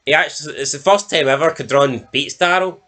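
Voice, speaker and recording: A man's voice: a little high, a little fast, sharp tone. A Scottish man giving a blunt, sweary, mocking TV review in casual chat. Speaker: show reviewer.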